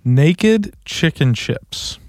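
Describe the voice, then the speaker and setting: A man's voice: on the high side, animated, extremely slow, darkish tone, no echo, clean studio sound. A man co-hosting a radio show, chiming in with wry jokes. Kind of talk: casual banter.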